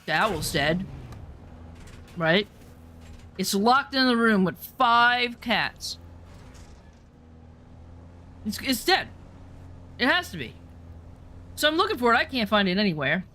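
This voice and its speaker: A woman telling rambling, animated anecdotes in a casual chat, full of swearing. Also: a little high, unhurried, pauses often, slight background noise. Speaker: storyteller.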